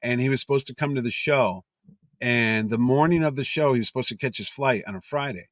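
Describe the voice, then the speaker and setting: A man who promotes conventions, telling animated stories as a podcast guest and acting out quotes, with many fillers and restarts. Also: medium pitch, a little fast, dry recording, studio quality. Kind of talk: casual storytelling chat.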